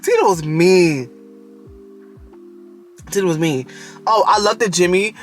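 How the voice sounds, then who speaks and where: A man's voice: high voice, measured pace, faint music behind. A man casually reviewing a TV show in a video, talking straight to the characters and often breaking into giggles.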